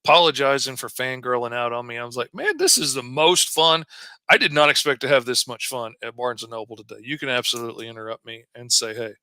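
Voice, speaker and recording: Middle-aged man, folksy storyteller, smooth bright voice. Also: medium pitch, steady tone, fast talker, few pauses, no room sound. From Arkansas. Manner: folksy and chatty, drawls out stories. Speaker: comic artist streaming while drawing. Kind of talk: casual storytelling while drawing.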